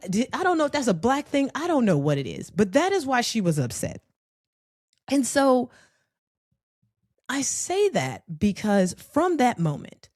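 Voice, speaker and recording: A woman telling a personal story in a conversational, animated way, with frequent profanity. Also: medium pitch, no room sound, clean studio sound.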